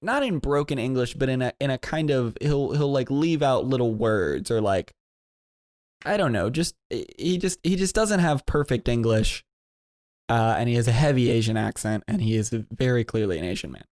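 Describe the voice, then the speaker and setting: A man tells a long, winding story on a podcast. He is animated and loose, often jumping into a high voice to quote people. The recording is dry and close, with no room sound. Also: normal speed, no room sound. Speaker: podcast co-host. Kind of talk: casual storytelling.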